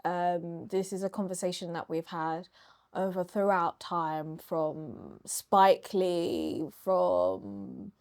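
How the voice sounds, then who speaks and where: A woman's voice: lowish voice, slow, a little mellow. A young British woman co-hosting a casual chat about film and celebrity news, talking in a chatty, reflective way and stretching some words out. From United Kingdom. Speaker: co-host.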